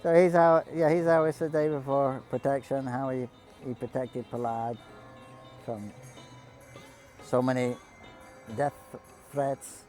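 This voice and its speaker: A man with a mellow, warm voice recounts devotional stories in a relaxed, halting way. He restarts his sentences often and pauses to cough or clear his throat. Faint music plays behind him. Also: medium pitch, low-quality recording. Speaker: storyteller speaking to pilgrims. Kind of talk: casual devotional storytelling.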